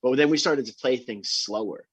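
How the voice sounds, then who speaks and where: A band member telling an animated story in an interview, talking excitedly about recording. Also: male voice, medium pitch, moderate pace, breathy edge, no echo.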